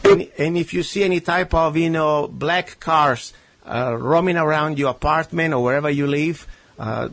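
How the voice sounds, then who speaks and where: A man's voice: a little high, normal speed, fairly bright tone, no echo. A man from Italy with an Italian accent, hosting a talk radio show in a sarcastic, ranting, emphatic way. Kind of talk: talk radio chat with a guest.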